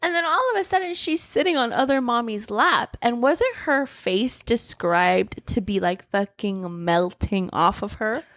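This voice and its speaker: Woman co-host, casual recap style, high and lively pitch, dry close-miked sound. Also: unhurried, hardly any pauses, no room sound. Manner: retelling scenes, casual swearing, laughing. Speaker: podcast co-host. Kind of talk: casual book chat.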